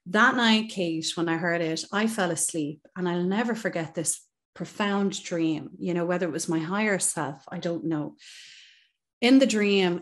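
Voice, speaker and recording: A woman, a psychotherapist guest on a podcast, telling her personal story in an earnest, reflective way with many "you know"s. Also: fairly low pitch. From Ireland.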